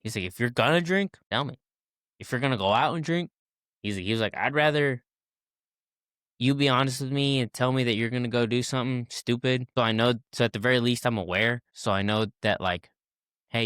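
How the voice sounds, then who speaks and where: A man's voice: medium pitch, fairly even intonation, a little fast, a bit bright, clean tone, no room sound, clean studio sound. A man in his twenties, a podcast guest, telling a casual story and acting out the people in it with many fillers and restarts.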